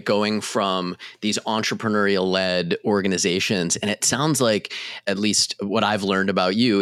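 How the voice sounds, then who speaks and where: Deep-voiced affirming podcast host. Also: male voice, fairly bright tone, no echo, studio quality. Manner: affirming, rambling questions with repeated "right?". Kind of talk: interview questions.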